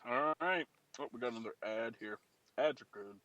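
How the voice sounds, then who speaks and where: A man's voice: mid-range voice, fairly quick, sharp tone, muffled recording. A man hosting a casual quiz game on a live radio stream, teasing and joking with his co-hosts. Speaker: podcast host running a quiz game.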